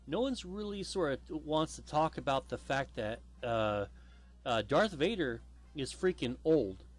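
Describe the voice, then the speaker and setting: A man's voice: on the high side, expressive, a little slow. A man hosting a casual podcast chat, rambling with lots of fillers and the odd swear word. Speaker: podcast host.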